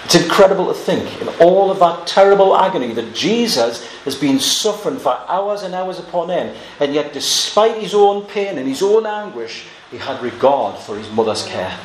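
A man's voice: fairly high pitch, expressive, normal speed, hardly any pauses. Earnest preacher man in an echoey room. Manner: earnest, swinging from quiet scripture reading to emphatic exclamations. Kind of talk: expository Bible sermon. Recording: echoey room with faint ambient noise.

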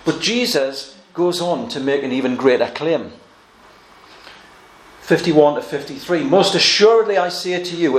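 A man preaching a sermon, earnest and emphatic, slowing down to stress quoted verses. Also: a little high, echoey room, slight background noise.

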